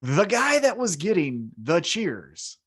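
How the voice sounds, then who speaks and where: A young adult man co-hosting a podcast in casual chat, animated and acting out quoted voices. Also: high-pitched, slow pace, slightly rough. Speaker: podcast co-host.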